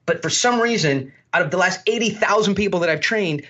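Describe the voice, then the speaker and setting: High-voiced guy on a podcast, blunt and animated, kinda muffled audio. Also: fast. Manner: blunt, animated, swears freely. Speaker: podcast guest. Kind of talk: storytelling interview talk.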